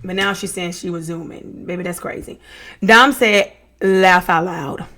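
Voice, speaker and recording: A woman's voice: on the low side, moderate pace, bright, forceful tone, soft background music. A young woman giving casual reaction commentary, reading text messages aloud and adding sassy asides, often calling people baby and honey. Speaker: true-crime reaction vlogger.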